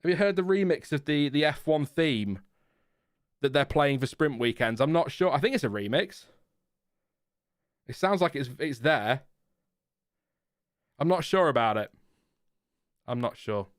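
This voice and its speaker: A man's voice: a little high, animated, unhurried, long pauses, clear, resonant tone, no room sound. British man, stream host, chatty, self-deprecating, resonant voice, dead dry room. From Britain. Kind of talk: live-stream watchalong chat. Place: home room. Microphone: headphones with a desk mic.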